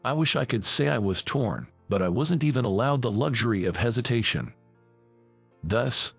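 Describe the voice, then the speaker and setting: Gravelly male storyteller, lively pitch. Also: dry recording. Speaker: narrator. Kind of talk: first-person story narration. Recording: faint background music.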